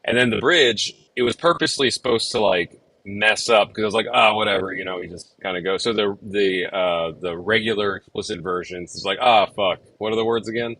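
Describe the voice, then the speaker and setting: A man's voice: lowish voice, a little fast, pushed and bright, no room sound, low-quality recording. A man chatting casually about writing a song, rambling with many fillers and restarts. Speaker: songwriter and show host. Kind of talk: casual chat about songwriting.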